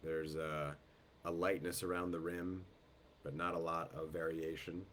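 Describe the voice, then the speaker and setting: A man with a very low voice, made deeper by a head cold that has settled into his throat. He leads a wine tasting over a video call, describing aromas slowly and thoughtfully and greeting each guest by name. A faint hum of noise sits under the call audio. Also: flat delivery, a bit bright. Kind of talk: live online wine tasting.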